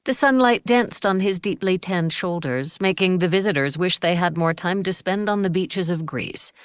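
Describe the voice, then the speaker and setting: A woman narrating an audiobook in an even storytelling manner. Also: on the low side, moderate pace, clean tone, no echo, studio quality. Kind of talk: scripted narration.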